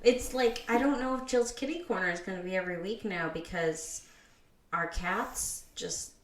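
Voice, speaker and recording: A woman's voice: lowish voice, animated, normal speed. A woman chatting casually as a podcast guest, rambling and repeating herself. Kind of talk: casual chat. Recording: echoey room.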